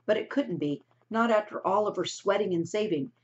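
A woman teacher reading a novel aloud to her class in a steady narrating voice, on a dull lo-fi recording. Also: mid-range voice, a little fast.

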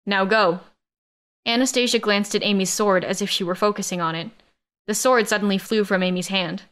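A woman narrating a science-fiction romance audiobook in the first person, with steady, even storytelling. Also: mid-range voice, fairly quick.

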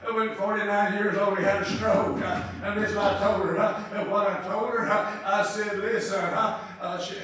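An older man preaching a revival-style funeral sermon in a funeral home chapel, halting and full of filler sounds, breaking into loud praise. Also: sits high, level tone, crowd noise. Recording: echoey room, distant mic.

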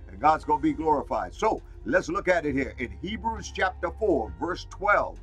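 A man's voice: a little high, sing-song, normal speed, fairly bright tone, breathy edge, poor audio. A man preaching a fiery sermon, repeating his phrases and calling out "Glory to God" and "Hallelujah" between points. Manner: fired up, repeats phrases for emphasis.

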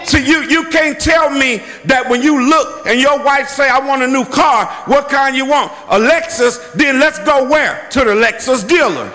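High, bright-voiced preacher shouting in a hall. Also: male voice, a little slow, few pauses, faint music behind. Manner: emphatic, repetitive, bursts into shouting. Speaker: bishop and pastor. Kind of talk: preaching a sermon. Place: church sanctuary. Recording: long hall reverb from a church.

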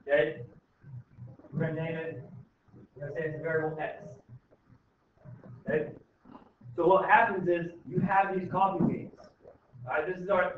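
A man teaching a high school math class, explaining step by step in an informal way and often checking in with "okay?". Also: slight background noise. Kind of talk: classroom lecture. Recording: echoey room, tinny far-off mic.

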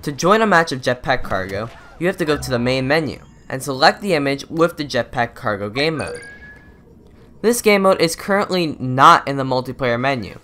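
A man's voice: medium pitch, animated, normal speed, sharp tone, a little hiss or hum. A young man reading a methodical, scripted gameplay tutorial voice-over into a close microphone. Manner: methodical, instructive. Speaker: gaming YouTuber.

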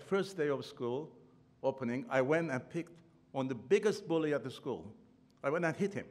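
An older man with a non-native English accent gives a eulogy at a memorial. He tells humorous personal anecdotes and chuckles, with slightly non-native grammar, speaking at a podium microphone. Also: mid-range voice. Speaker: memorial speaker, former professor and trustee. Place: large ballroom at a podium.

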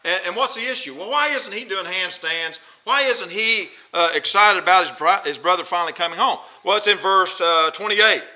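A man preaching a sermon, animated, acting out angry quotes and repeating his points for emphasis. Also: sits high, normal speed, hardly any pauses.

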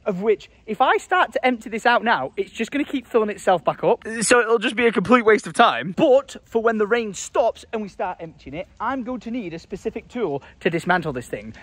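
A man in his thirties talks his way through his day for the camera, chatty and joking. His voice sits on the high side and swoops around freely. It has a bright, slightly husky edge. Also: a little fast, few pauses, no room sound. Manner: chatty, animated, jokey. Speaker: vlogger. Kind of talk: casual vlog narration.

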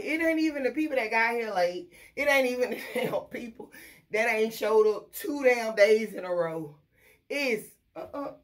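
A woman, ranting casually and bluntly about her fast-food job, full of profanity. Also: on the high side, animated. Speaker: vlogger. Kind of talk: casual rant to camera.

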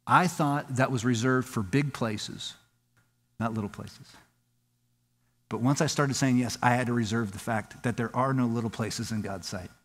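A man from Southern California preaching a sermon as pastor, telling his story with lively acted-out quotes. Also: normal speed, in a large hall. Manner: animated storytelling, acts out quoted dialogue with rising pitch. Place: church sanctuary.

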